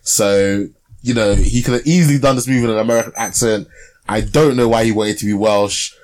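A man's voice: fairly low pitch, fairly even intonation, brisk, darkish tone. A young man co-hosting a podcast, chatting casually about a film with lots of fillers and tag questions. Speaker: podcast co-host. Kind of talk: casual film review chat.

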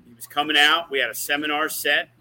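A man's voice: a little high, level tone, fast, sharp tone, poor audio. A man who is a wrestling promoter, telling rambling, profane stories in a casual podcast chat. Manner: profane, rambling, uses lots of fillers.

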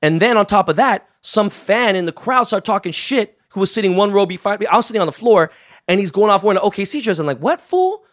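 A man's voice: sits high, fast talker, a bit bright. A man from Los Angeles telling wild, profanity-laced anecdotes in casual chat, acting out the people he quotes. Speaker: guest.

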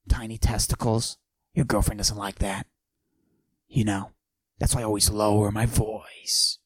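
A man playing a boastful macho character, pushing his voice low and husky and often dropping to a whisper while he brags deadpan. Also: no room sound. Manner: boastful, deadpan absurd bragging. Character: cocky macho man with a forced deep voice. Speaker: podcast host. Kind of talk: comic character monologue.

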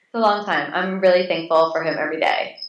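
This late-thirties woman, a guest on an interview, speaks fast in a low voice, telling animated, casual stories full of restarts and filler words. The recording has an echoey room sound.

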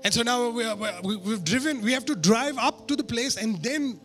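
High, bright-voiced man preaching. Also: normal speed, soft background music. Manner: animated, self-mocking humor. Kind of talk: storytelling sermon.

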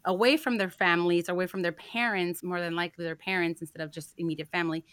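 A woman's voice: fairly low pitch, steady tone, quick pace, fairly bright tone, no room sound. A young adult woman from a Mexican-American family, co-hosting a parenting podcast and telling stories in casual chat, slipping in Spanish phrases. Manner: chatty storytelling, mixing in Spanish phrases. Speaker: podcast co-host.

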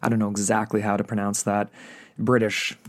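A man's voice: on the low side, monotone, a little fast. A young adult man co-hosting a casual history podcast, laid-back and full of "like" and "you know", given to exclamations. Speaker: podcast co-host.

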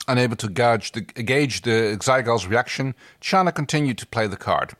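A man's voice: mid-range voice, animated, normal speed, a bit bright, dry recording, studio quality. A man co-hosting a casual podcast, reading fan fiction aloud and chatting in an easygoing, wry way. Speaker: podcast co-host.

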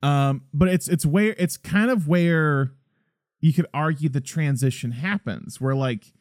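A man with a somewhat high voice chatting loosely about a movie on a podcast, restarting sentences and acting out bits of dialogue. The sound is dry and close to the mic. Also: a little slow, no room sound. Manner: rambling, animated, acts out quotes. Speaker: podcast co-host. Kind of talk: casual film discussion.

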